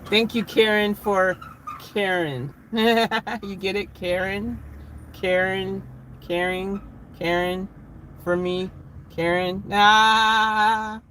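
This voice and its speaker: Man, high-pitched, casual chatty vlogger talking to his viewers from a van, faint vehicle noise. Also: slow pace. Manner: chatty, laughs, excited bursts. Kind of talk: casual live vlog chat with viewers.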